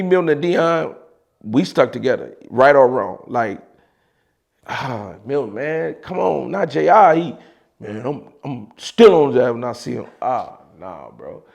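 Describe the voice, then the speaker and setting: Gravelly Chicago man telling a story. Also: mid-range voice. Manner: animated, mimics voices of others in quotes, frequent laughs and slang. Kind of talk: casual storytelling.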